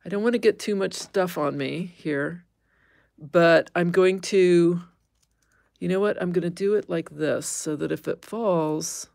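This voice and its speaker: A woman's voice: lowish voice, measured pace, creaky, darkish tone, no room sound, clean studio sound. A woman hosting a casual craft livestream, chatting with viewers, easily amused and squeamish, laughing and exclaiming. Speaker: livestream host.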